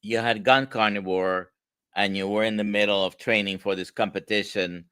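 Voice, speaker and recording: A man with a Spanish accent hosting a livestream interview, talking in halting bits and repeating words. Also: lowish voice, steady tone, bright, forceful tone, smooth, no echo, clean studio sound. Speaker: host.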